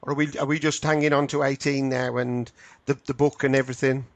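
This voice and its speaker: A man hosting an interview, keen and encouraging but halting, often repeating words before he gets going. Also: mid-range voice, little pitch movement, dry recording. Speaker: podcast host and interviewer. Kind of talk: interview chat.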